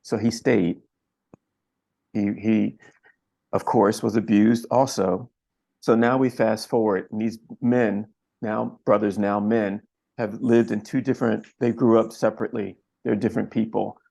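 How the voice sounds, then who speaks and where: A man from Philadelphia talks as an interview guest, recounting a story with earnest reflection. His voice sits fairly low, with a husky, raspy edge. He takes his time and often stops to gather his thoughts. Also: fairly even intonation, a little slow, warm tone. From Philadelphia, USA. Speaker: camera operator guest.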